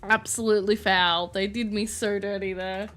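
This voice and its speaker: A woman's voice: medium pitch, fairly even intonation, moderate pace, fairly bright tone. Flustered, swearing young woman streamer. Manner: flustered, laughing, swears casually. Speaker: game streamer. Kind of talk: live-streamed game playthrough.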